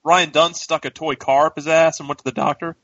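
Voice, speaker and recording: A man co-hosting a podcast, rambling in casual chat with halting restarts. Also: fairly high pitch, little pitch movement, a bit bright, dry recording. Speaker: podcast co-host. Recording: distant dull dry mic.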